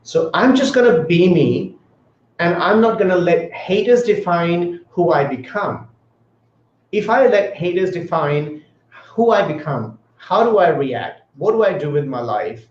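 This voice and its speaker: A man's voice: fairly high pitch, a little mellow. A man hosting a motivational livestream, talking earnestly, repeating himself and greeting viewers by name. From grew up in another country. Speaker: livestream host. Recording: echoey room, dull lo-fi sound.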